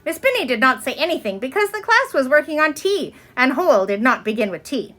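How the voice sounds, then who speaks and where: A woman reading a children's chapter book aloud, expressive from line to line. Her voice sits a little high and moves up and down with lively melody. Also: a little fast. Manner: expressive, with many pitch swings. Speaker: reader.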